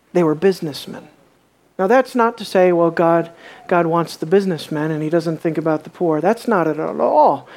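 A man preaching a sermon, emphatic, repeating words and swinging from quiet asides to loud calls. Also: high voice.

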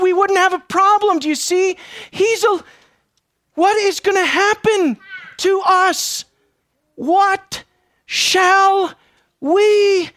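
High-voiced woman preaching, slow and fired up, gets quiet then loud, sounds a bit out of breath. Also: no echo, clean studio sound. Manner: impassioned, swings from hushed to loud. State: breathless at times. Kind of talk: sermon.

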